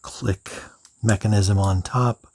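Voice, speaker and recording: A man reviewing pens in an unhurried, thinking-aloud way, now and then dropping into soft whispered asides. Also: on the low side, steady tone, no room sound. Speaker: pen reviewer. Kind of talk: unscripted product review.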